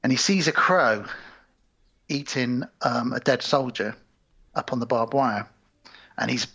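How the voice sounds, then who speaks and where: A man's voice: mid-range voice, normal speed, long pauses, pushed and bright, breathy edge, lo-fi sound. A man co-hosting a podcast, recapping film scenes in casual chat and acting out the characters' lines. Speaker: podcast co-host.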